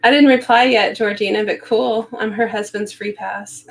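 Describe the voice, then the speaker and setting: A woman's voice: medium pitch, fairly even intonation, moderate pace, vocal fry. A middle-aged woman co-hosting a live reseller show, laughing often and greeting viewers by name. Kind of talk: casual live-stream chat.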